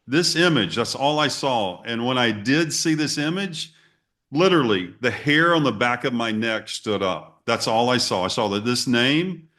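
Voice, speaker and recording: A man's voice: medium pitch, fairly bright tone. A middle-aged man, a guest telling a story in a casual way and acting out his own reactions and emails. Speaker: interview guest.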